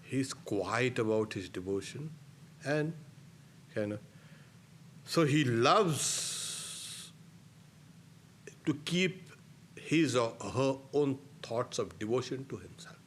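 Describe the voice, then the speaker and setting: A middle-aged man, a swami giving a spiritual discourse, emphatic and given to soft laughs at his own points. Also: mid-range voice, animated, takes it slowly, long pauses, a little hiss or hum.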